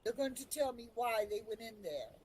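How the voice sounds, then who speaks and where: A woman's voice: a little high, animated, a little mellow, husky, poor audio. Emotional woman telling an in-character tale. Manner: emotional, halting storytelling. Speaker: roleplay player. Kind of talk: in-character storytelling.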